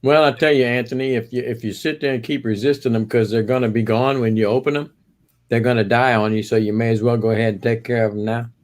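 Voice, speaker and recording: A man's voice: mid-range voice, fairly even intonation, fast. A man hosting a live stream, chatting casually while eating, teasing and laughing often.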